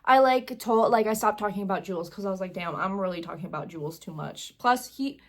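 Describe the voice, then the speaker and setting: A woman's voice: medium pitch, fast talker. Young female vlogger, gushing, rambling storyteller, near tears at moments. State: close to tears at times. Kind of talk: casual vlog storytelling.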